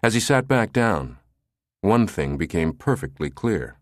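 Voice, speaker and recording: A man narrating a thriller novel as an audiobook, in an expressive storytelling manner. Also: sits low, a little slow, dry recording, clean studio sound.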